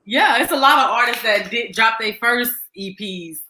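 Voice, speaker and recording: A woman's voice: a little high, animated, moderate pace, bright, forceful tone, echoey room, poor audio. A woman interview host with a Houston Southern accent, chatty and encouraging with her guest. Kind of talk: casual interview chat.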